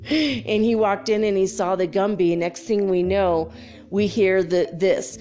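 A woman's voice: mid-range voice, normal speed. Woman spinning a wild story, laughs a lot, loose and swears some, faint music behind. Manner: animated storyteller who laughs often and mimics sounds; loose and frank, with swearing and fillers. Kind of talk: casual anecdote turned life lesson.

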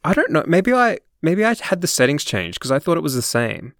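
Australian male podcast co-host, gravelly but resonant, dry close mic, chatty and laughing. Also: a little high, sing-song, a little fast, fairly bright tone, no echo. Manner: chatty, laughs often, many fillers. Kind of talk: casual chat.

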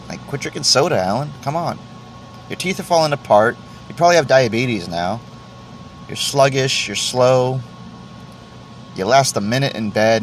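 A man's voice: mid-range voice, slight background noise. Rambling, swearing podcast man. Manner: rambling, self-deprecating, swears often, many restarts. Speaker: podcast host. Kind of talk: casual solo podcast rant.

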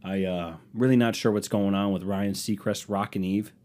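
A man's voice: lowish voice, fairly even intonation, moderate pace, dark tone. A young man hosting his own podcast, ranting sarcastically about rude customers and mocking them in put-on voices. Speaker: podcast host. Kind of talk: solo comedic podcast rant.

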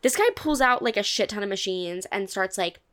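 A young woman in her twenties tells a story to her co-host, frank and swearing freely. She keeps slipping into the voices of the people she met. Her pitch sits mid-range for a woman. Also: a little fast. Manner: candid, swearing, animated quoting of others. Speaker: podcast co-host. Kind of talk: casual storytelling chat.

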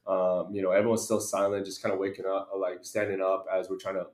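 On a podcast, a young man with a low voice tells a story quickly and casually, animatedly acting out voices and laughing often. The room is echoey.

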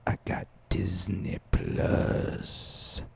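A man putting on a breathy, slow, seductive voice in a whispered role-play, murmuring low. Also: pushed and bright, slight background noise. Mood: sultry. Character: sultry whispering man bragging to ladies.

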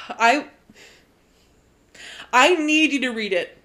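A woman's voice: sits high, very slow. Gushing young woman in casual chat. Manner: gushing, animated, swears freely. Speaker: podcast co-host.

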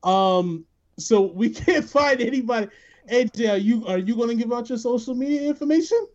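A man hosts a podcast with loose, joking banter and frequent laughter. His voice sits high, and the recording sounds dull and lo-fi. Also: lively intonation, normal speed, a little mellow. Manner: joking, laughs often, runs the show. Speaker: podcast host.

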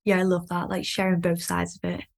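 A woman's voice: on the low side, completely flat delivery, fairly quick, creaky. A woman hosting a podcast, talking in a chatty way with lots of fillers and easy laughter. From Lancashire, England. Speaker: podcast host. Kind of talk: casual podcast chat.

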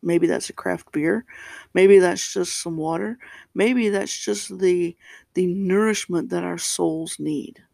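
Slow, gravelly-voiced pastor reading scripture. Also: male voice, high voice, mellow, no room sound. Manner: slow, deliberate reading with pauses and restarts. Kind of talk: scripture reading and reflective sermon.

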